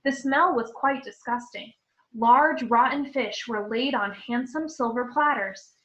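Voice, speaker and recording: A woman teacher reading a storybook aloud to children, expressive and clear. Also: fairly high pitch, unhurried, lo-fi sound.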